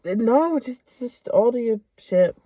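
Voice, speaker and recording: A woman's voice: a little high, animated, slow, warm tone, no echo. A young woman co-hosting a casual chat, speaking in a giggly, hesitant way. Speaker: co-host.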